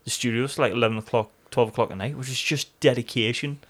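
A man's voice: mid-range voice, steady tone, fast talker, a bit bright. A man co-hosting a podcast, chatting in rambling, sweary banter and laughing often. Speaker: podcast co-host. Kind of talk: casual chat.

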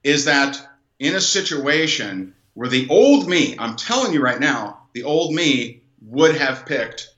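A man telling a personal story as an interview guest, animated and rambling, with many fillers and restarts. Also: medium pitch, normal speed. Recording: dull, echoey room sound.

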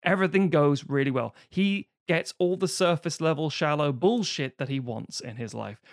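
A man in casual film review chat who swears freely and jumps into sudden high voices to act out quotes. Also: normal speed, dry recording, clean studio sound.

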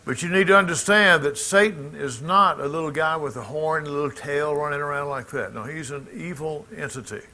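A middle-aged Southern man preaching with a bright, forceful edge and a slightly raised voice. He leans hard on key words and drops folksy asides to his congregation. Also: fairly high pitch, a little fast, hardly any pauses. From Mississippi. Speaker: pastor. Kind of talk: sermon. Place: church congregation.

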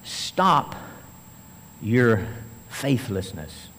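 A man preaching a sermon as a pastor, building to emphatic bursts and then slowing to stress key phrases. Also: mid-range voice, big pitch swings, fairly bright tone, in a large hall, a little hiss or hum.

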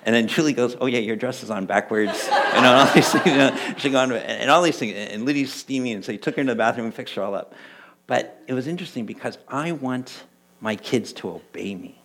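A middle-aged man and church elder preaching a conversational sermon, telling stories with lively quoted voices. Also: mid-range voice, fairly quick, low-quality recording. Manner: animated storytelling, voicing quoted people. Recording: mains hum in the background.

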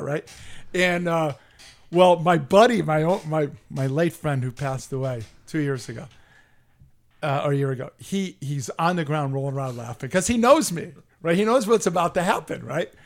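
A middle-aged man hosting a casual sports podcast, telling a heated story in a profane, animated way. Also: a little high, normal speed, vocal fry. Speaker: podcast host.

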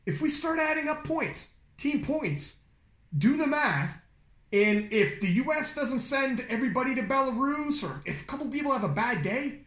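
A man hosting a podcast interview, talking fast and excitably with lots of swearing and animated storytelling. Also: very high voice. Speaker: podcast host. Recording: echoey room.

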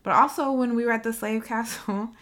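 A woman's voice: a little high, fairly even intonation, fairly quick, fairly bright tone. A woman from South Carolina speaking earnestly and reflectively in a casual discussion. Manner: reflective, earnest personal account.

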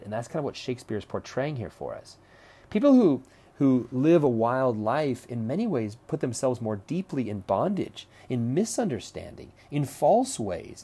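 A man's voice: medium pitch, sing-song, normal speed, dark tone, husky. Man lecturing in a conversational way. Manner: conversational, repeats words while thinking, asks "right?". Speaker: teacher. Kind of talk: lecture on a play.

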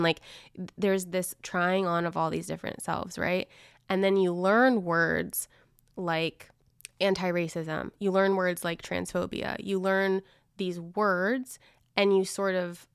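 A woman guest on a podcast, talking in a chatty, animated way about teaching, full of likes. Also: lowish voice, creaky, clean tone, no echo, studio quality. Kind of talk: casual chat.

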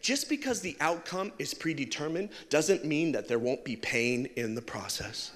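Brief: patient, wise dad, deeper and quieter than the storyteller, as a preacher puts him on, hall reverb. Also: male voice, lively intonation, moderate pace. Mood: calm. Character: patient grown-up father, calm and wise.

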